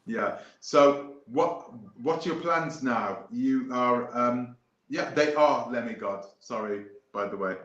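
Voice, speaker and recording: A man's voice: medium pitch, slow pace, fairly bright tone, echoey room, highs cut off. A man hosting a live stream, talking casually and emphatically, repeating his points as he goes off on tangents. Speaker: host.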